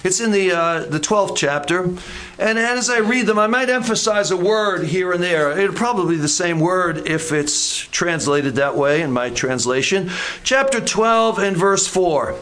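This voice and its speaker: A pastor delivers a sermon in a notably high voice, leaning on key words again and again. He slows down to stress his points and drops into casual asides. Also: animated, a bit bright. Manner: deliberate, repetitive emphasis, folksy asides.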